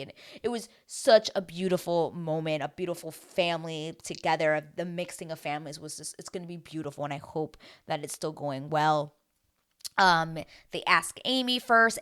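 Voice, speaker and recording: A woman's voice: low voice, fairly bright tone. A young woman chatting casually as a recap vlogger, gushing and exclamatory.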